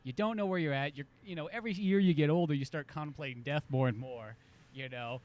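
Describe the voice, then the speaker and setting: A man's voice: fairly high pitch, fast talker, lo-fi sound. A man co-hosting a podcast in casual chat, telling stories and acting out the lines he quotes. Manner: animated storyteller, acts out quoted lines. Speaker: podcast co-host.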